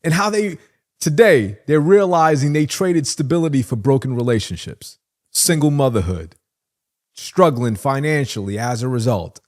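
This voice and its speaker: A man's voice: medium pitch, expressive, moderate pace, darkish tone. A man hosting a reaction video, lecturing in a preachy, emphatic way. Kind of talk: reaction commentary.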